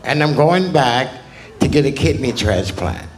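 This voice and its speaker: A male stand-up comedian telling crude stories in a slow, laid-back way on a club stage. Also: medium pitch, expressive.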